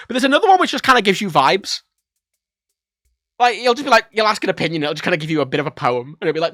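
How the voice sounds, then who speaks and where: Animated, sweary man streaming. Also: a little high, very fast, no echo, studio quality, soft background music. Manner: rambling, self-correcting, swears freely. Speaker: livestreamer. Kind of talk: casual livestream chat about games.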